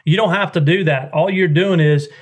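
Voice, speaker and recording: A man's voice: on the high side, moderate pace. A man, a duck call maker explaining calling technique in a rambling, folksy way during a podcast interview.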